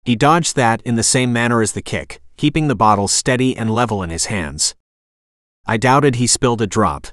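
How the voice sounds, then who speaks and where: A man narrating a first-person story in a steady, even storytelling manner, recorded on a close studio mic. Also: mid-range voice, moderate pace, dry recording. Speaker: audiobook narrator.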